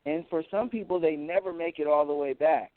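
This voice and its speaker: A man talking as an interview guest, boastful and animated, who often repeats words as he goes. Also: on the high side, brisk, no room sound. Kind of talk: casual interview talk. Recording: tinny phone-like audio.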